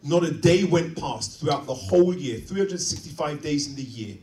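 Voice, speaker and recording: A man preaching a sermon, dynamic, swinging from quiet asides to loud emphatic points. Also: on the high side, expressive, normal speed, far from the mic. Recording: roomy, from off-mic.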